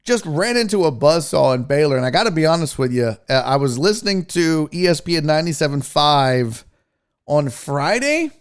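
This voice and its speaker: A man's voice: fairly high pitch, sing-song, normal speed, smooth. A man hosting a live sports talk show, chatting loosely with viewers in a rambling, profane way. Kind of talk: casual live-stream chat.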